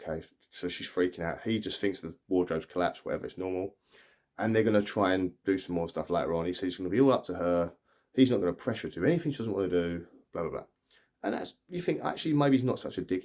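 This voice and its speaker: A man's voice: deep voice, darkish tone. A man, chatting casually and rambling through a film plot, often restarting his sentences. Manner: rambling, chatty, full of restarts and acted-out quotes. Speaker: film reviewer. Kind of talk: casual spoken film recap.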